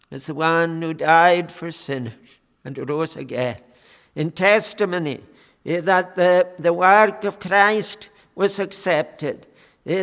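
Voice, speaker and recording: Slow, high-voiced preacher in a reverberant hall. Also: male voice, a bit bright, smooth. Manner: slow, measured preaching with fillers. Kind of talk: sermon.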